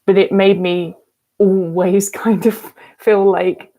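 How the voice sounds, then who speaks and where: A woman's voice: mid-range voice, fairly even intonation, slow pace, dark tone. A woman, giving frank, emphatic advice as a recovery coach in a casual vlog and swearing freely. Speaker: eating disorder recovery coach.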